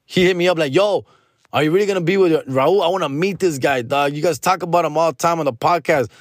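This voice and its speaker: A man's voice: on the high side, fast talker, dry recording, clean studio sound. A man hosting a podcast, telling a story as a casual rant, profane and slangy, mixing in Spanish. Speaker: podcast host.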